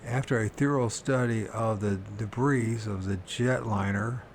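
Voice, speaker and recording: A man reading a book about strange disappearances aloud, slowly and haltingly, often restarting words and correcting himself. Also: lowish voice, slight background noise. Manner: pauses to question his own pronunciation. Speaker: reader of a paranormal book.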